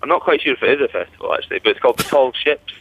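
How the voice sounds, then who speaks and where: A man's voice: medium pitch, lively intonation, rapid-fire, vocal fry, slightly rough, no echo. A man chats down the phone, jokey and self-mocking, his voice rising and falling a lot. The line sounds dull and dry. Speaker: musician guest.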